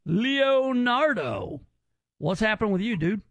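A male radio host with a high voice, joking and teasing his callers. He rambles in loose, casual banter and keeps the show moving. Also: expressive, normal speed, dry recording.

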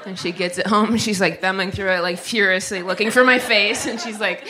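A woman's voice: mid-range voice, fairly even intonation, fairly quick, a crowd in the background. A woman doing a stand-up comedy set, telling a story in a chatty way that builds to punchlines. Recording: noisy live recording.

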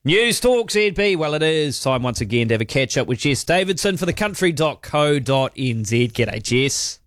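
A man co-hosting talk radio, relaxed and conversational, moving segments along. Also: fairly high pitch, moderate pace, no room sound, clean studio sound, soft background music. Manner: easygoing, presenter-like. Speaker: radio co-host. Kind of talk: casual radio banter.

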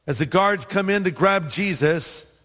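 A man's voice: high voice, unhurried. A man preaching a sermon, telling a story with humor and acting out the voices of the people in it. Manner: animated storytelling, acts out quoted voices; humorous asides. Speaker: pastor. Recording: long hall reverb.

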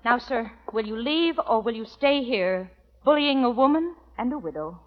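A woman's voice: on the high side, expressive, moderate pace, a little hiss or hum, natural voice. Dignified, icy widow played by a woman, 1940s radio drama, reverberant lo-fi old recording. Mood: cold. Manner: dignified, cold, firm. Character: proud young widow who owns a ranch.

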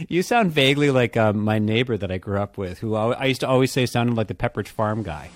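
A man co-hosting, chatting casually and cutting in with quick questions. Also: on the low side, expressive, dry recording, clean studio sound. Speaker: co-host. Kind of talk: casual chat.

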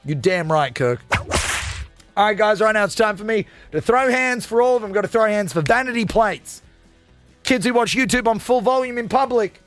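High-voiced, animated male radio host. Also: moderate pace, no echo, faint music behind. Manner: animated, ranting, jokey. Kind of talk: comedic radio rant.

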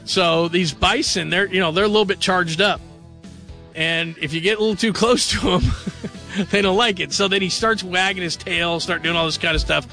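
Radio sports guy late at night, chatty and rambly, kinda gravelly, bright voice, slightly high. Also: steady tone, moderate pace, soft background music. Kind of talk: casual radio talk. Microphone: studio microphone.

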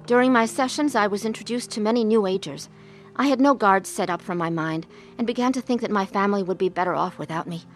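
A woman tells her own story earnestly, moving between narration and acted scenes with deep feeling. Her voice sits at an ordinary middle pitch. Soft music plays faintly behind her. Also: fast talker. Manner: earnest and emotional. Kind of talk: dramatized testimony narration.

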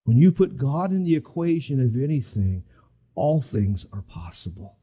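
A man's voice: mid-range voice, big pitch swings, moderate pace, dark tone, breathy edge. A middle-aged man preaching a sermon as pastor, dramatic and acting out the voices of the people in his story. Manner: dramatic, acts out voices of the disciples.

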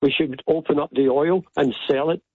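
Glasgow scottish bloke calling talkback radio, blunt, bit husky, tinny phone line. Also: male voice, fairly high pitch, steady tone, moderate pace, no echo. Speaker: caller.

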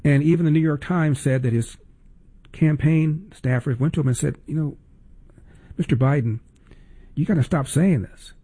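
A man's voice: a little high, normal speed, long pauses, dark tone, slightly rough. A male talk radio host delivering sarcastic, emphatic political commentary with pointed repetition.

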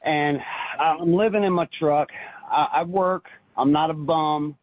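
A man calling in to a radio show, telling a personal religious story in an earnest, halting way with frequent restarts. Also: on the high side, steady tone, no room sound. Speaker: caller. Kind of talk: phoned-in personal testimony. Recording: tinny phone line.

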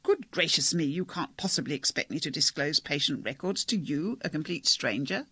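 A man's voice: fairly high pitch, lively intonation, moderate pace, sharp tone, husky, dry recording, full character voice. A man voicing a stern, pompous older male doctor who speaks in a declamatory, speechifying way.

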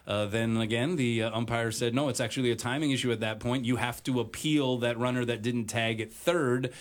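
A man hosting a sports talk radio show, chatting casually with many filler pauses. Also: medium pitch, fairly even intonation.

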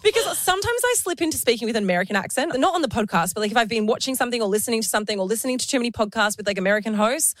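A woman's voice: fairly high pitch, expressive, racing, hardly any pauses, dry recording, clean studio sound. A young adult woman co-hosting a podcast in casual chat, self-deprecating and giggly. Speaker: podcast co-host.

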